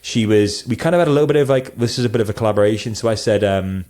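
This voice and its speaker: A man's voice: lowish voice, rapid-fire, a little mellow. A man, a wedding photographer, talking casually on a podcast, rambling with lots of fillers and restarts.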